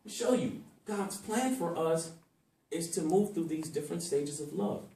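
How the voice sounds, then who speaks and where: A high-voiced man teaching a class, leaning hard on each word and letting his voice swing for effect. He sounds set back from the mic in an echoey room, with the space ringing around him. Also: normal speed, warm tone, distant mic, a little hiss or hum. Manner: emphatic, varies his voice for effect.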